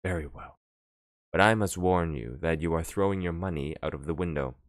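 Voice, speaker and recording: A man reading an audiobook, voicing a calm, unbothered police detective who brushes off worries. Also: low voice, moderate pace, no room sound, natural voice. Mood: curt. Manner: calm, dismissive, dry. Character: unflappable middle-aged male police detective.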